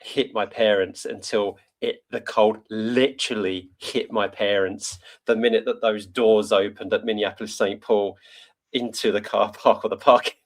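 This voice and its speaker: A man's voice: on the low side, fairly even intonation, normal speed. A man from the United Kingdom hosting an interview, chatty and rambling, often laughing and correcting himself. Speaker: podcast host. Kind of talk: conversational interview.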